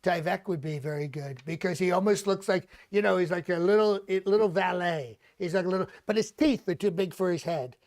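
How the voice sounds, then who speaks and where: In a live mock press conference, a comedian impersonates an older male president who rambles, boasts, and says the same things over and over. His voice sits high and a little mellow, and he moves briskly with hardly any pauses.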